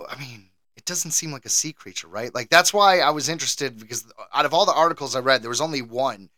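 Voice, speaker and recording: Male podcast co-host, bright and lively, quick to laugh, dry close recording. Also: medium pitch, dry recording. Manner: animated, laughs often, jokey. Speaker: game show quizmaster. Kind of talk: casual podcast chat.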